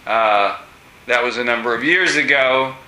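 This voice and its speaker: A man teaching a class, asking students questions with many pauses and fillers. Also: mid-range voice, pushed and bright. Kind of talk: classroom discussion lesson. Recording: echoey room.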